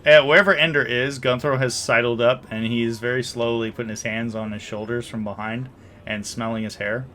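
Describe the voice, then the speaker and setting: A man's voice: medium pitch, steady tone, a little fast, sharp tone, slight background noise. Hesitant male game master. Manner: hesitant, filler-heavy narration. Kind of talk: narrating a tabletop game.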